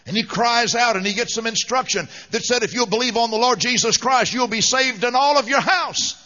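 High, bright-voiced fervent male preacher. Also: a little fast. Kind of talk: sermon. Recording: dull lo-fi sound with long hall reverb.

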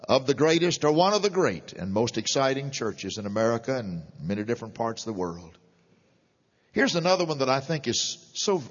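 A middle-aged man preaching a sermon, animated and chuckling between points. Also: mid-range voice, in a large hall. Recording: dull lo-fi sermon recording.

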